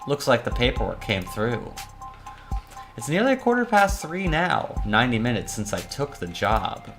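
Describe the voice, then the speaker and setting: A woman's voice: extremely low pitch, big pitch swings, moderate pace, full character voice. A woman reading aloud as a weary, cynical criminal defense attorney in a visual novel, with a wry noir monologue delivery over faint music. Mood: brooding.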